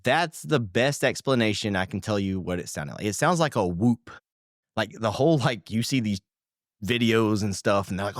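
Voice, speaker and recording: A man's voice: on the low side, normal speed, no echo, studio quality. A man telling a story on a podcast, laughing often and acting out sounds. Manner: animated, laughs often, acts out sounds and quotes. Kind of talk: casual storytelling.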